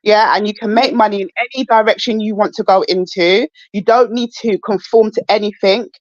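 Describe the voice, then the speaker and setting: A woman's voice: mid-range voice, steady tone, dry recording. Woman on a panel call, stumbles and repeats herself while arguing, muffled dry audio. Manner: halting, repeats words, pushes back. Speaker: panel caller. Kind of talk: heated live panel debate.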